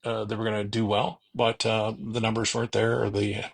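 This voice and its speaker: A middle-aged man tells stories in a gravelly voice that wanders from point to point. His tone is casual and self-deprecating, and he acts out what other people said. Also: on the low side, little pitch movement, brisk. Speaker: podcast guest, car finder. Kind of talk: casual storytelling chat.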